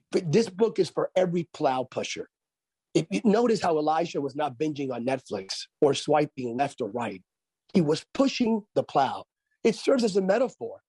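A man's voice: on the high side, dark tone, breathy edge, dry recording. A man who is a pastor and author, speaking as a radio interview guest in an emphatic preaching cadence and repeating phrases for effect.

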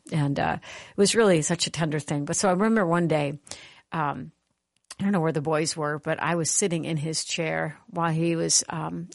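Low-voiced woman telling a faith story. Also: gravelly, no echo, clean studio sound. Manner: earnest, conversational, animated in retelling. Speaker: Christian radio host and author. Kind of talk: personal storytelling with spiritual teaching.

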